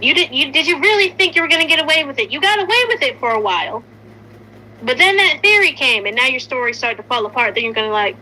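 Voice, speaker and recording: A woman's voice: high-pitched, big pitch swings, quick pace, pushed and bright, low-quality recording. A young woman in heated casual commentary, angry and swearing often as she rants.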